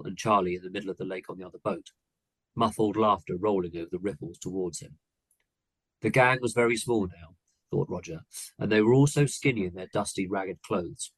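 A man's voice: on the low side, husky, no room sound, poor audio. A man reading his own short story aloud on a comedy podcast, in an earnest storytelling manner.

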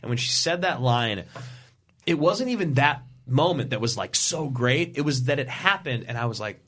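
Excitable man gushing on a podcast. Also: medium pitch, normal speed, slightly rough. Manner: excitable, gushing fan talk. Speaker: podcast co-host. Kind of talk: casual chat.

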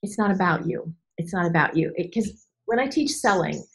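A woman business coach in a candid podcast conversation, animated and emphatic, acting out voices and repeating key phrases. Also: fairly low pitch, normal speed, vocal fry, rough recording. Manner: animated, acts out voices and inner dialogue.

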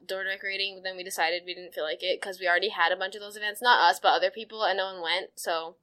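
Bright-voiced young woman podcast co-host. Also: mid-range voice, steady tone, rapid-fire. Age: young adult. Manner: chatty, giggly, self-deprecating. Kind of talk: casual chat. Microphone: close podcast mic.

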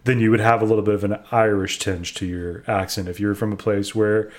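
A man's voice: fairly low pitch, flat delivery, brisk. A young man co-hosting a casual chat, giving an opinionated game review and explaining at length. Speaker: co-host reviewing a video game.

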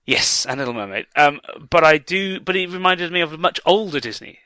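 A man's voice: a little high, animated, a little fast, pushed and bright, clear, resonant tone, no room sound. A man co-hosting a podcast, talking casually and thoughtfully about a film, with frequent fillers and restarts. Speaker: podcast co-host.

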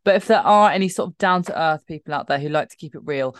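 Woman, low pitch, dry close sound, casual wry chat. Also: quick pace, hardly any pauses, dry recording. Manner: chatty, wry, teasing. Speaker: podcast co-host.

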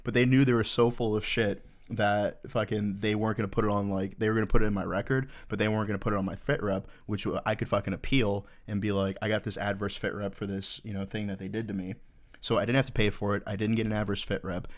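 A young male podcast guest ranting in casual chat, quick and profane. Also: lowish voice, level tone. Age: young adult.

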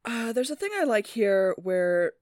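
Brief: relaxed podcast co-host, mid pitch, dry close recording, soft and rambling. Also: unhurried, no echo. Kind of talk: casual book-club chat.

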